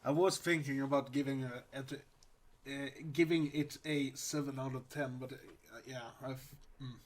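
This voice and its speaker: A man chats casually as a podcast co-host, relaxed and offhand, with plenty of fillers. His voice sits at an ordinary pitch. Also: normal speed. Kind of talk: casual movie discussion.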